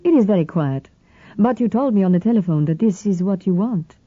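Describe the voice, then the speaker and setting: A woman voicing a burly, genial Greek man in his late forties who speaks with a Greek accent in a smooth, ingratiating way. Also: medium pitch, expressive, a little fast, no room sound, phone-quality sound.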